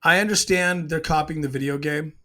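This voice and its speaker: A man's voice: on the high side, brisk, bright, forceful tone. A man casually breaking down a TV scene, emotional and hesitant, restarting his sentences often. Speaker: show reviewer.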